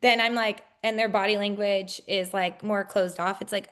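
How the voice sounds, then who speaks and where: A woman real estate agent in a casual interview, talking with many fillers and acting out bubbly, high-pitched greetings. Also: steady tone, moderate pace, few pauses, fairly bright tone, smooth.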